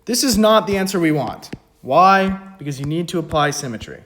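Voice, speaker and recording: A man's voice: on the high side, lively intonation, fairly quick, a bit bright. A man talking through an economics math problem in a casual lesson, with joking, self-mocking asides between steps. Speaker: economics video tutor. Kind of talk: casual spoken math walkthrough.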